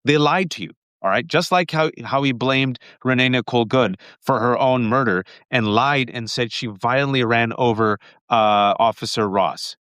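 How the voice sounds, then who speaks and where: A middle-aged New Yorker hosts a live political commentary stream, speaking rapid-fire and emphatically and calling his viewers folks. His mid-range voice is smooth and a bit bright, with no room sound.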